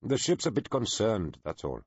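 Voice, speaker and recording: Narrator as an awkward shipboard envoy, hesitant and apologetic, slightly raised pitch, husky, dry muffled audio. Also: male voice, wildly swooping pitch, moderate pace, no room sound, heavily acted. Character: nervous bashful middle-aged male ship envoy.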